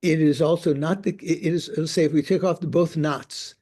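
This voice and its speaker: Older male teacher with a warm, slightly high voice, explaining slowly with repeated false starts. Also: steady tone. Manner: halting, repeats words while thinking aloud. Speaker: Buddhist teacher. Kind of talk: discussing a text with a student.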